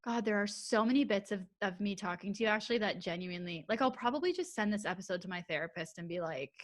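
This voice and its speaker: A woman hosting a casual podcast interview, gushing and excitable, swearing freely. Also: mid-range voice, quick pace. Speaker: podcast host.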